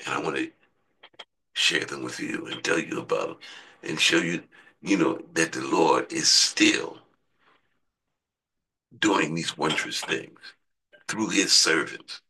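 A man's voice: takes it slowly, vocal fry, long pauses, slightly rough, low-quality recording. A man preaching a sermon in a conversational way, asking his listeners rhetorical questions. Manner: conversational, asks the congregation rhetorical questions, voice jumps high when excited.

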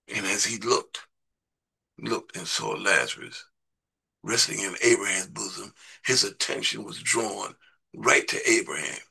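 Gravelly, bright-voiced male preacher. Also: lowish voice, steady tone, a little slow. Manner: conversational preaching, repeats words, asks listeners questions. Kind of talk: sermon.

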